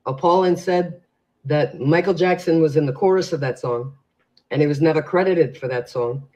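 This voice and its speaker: A man's voice: a little high, normal speed, mellow. A man co-hosting a casual advice show, telling rambling stories full of fillers. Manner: rambling storyteller, filler-heavy. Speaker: co-host. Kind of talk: casual podcast chat. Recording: dull lo-fi sound.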